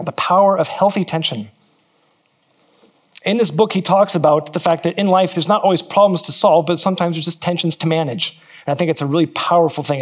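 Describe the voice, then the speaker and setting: A man's voice: a little high, husky. A man from California, preaching a sermon to a church and repeating key phrases for emphasis. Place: church in New Zealand.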